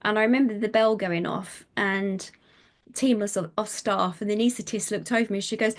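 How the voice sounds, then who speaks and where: A middle-aged woman, a psychic medium telling her life story in an interview, animated and chatty with many fillers. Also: medium pitch, fairly quick. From United Kingdom.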